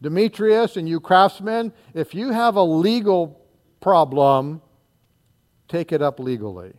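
A man preaching an expository sermon, reading scripture aloud and explaining it verse by verse, acting out the crowd and dropping into quiet asides. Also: a little slow. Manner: animated, acts out the crowd, dropping to low asides.

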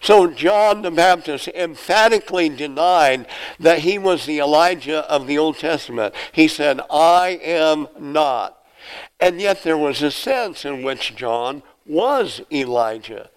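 A man's voice: fairly high pitch, expressive, unhurried, clean tone, low-quality recording. A man preaching an expository sermon, reading scripture aloud and explaining it verse by verse. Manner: acts out the questioners' lines in a raised voice.

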